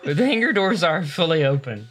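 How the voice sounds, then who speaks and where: A man's voice: on the high side, very animated, normal speed, fairly bright tone, faint music behind. A man narrating a tabletop game as game master, casual and often laughing.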